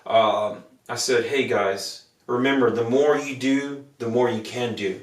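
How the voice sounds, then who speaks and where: A man's voice: mid-range voice, fairly even intonation, measured pace, distant mic. A young adult man, a podcast co-host, telling earnest, rambling stories in casual chat and acting out the people he quotes. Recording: roomy, from off the mic.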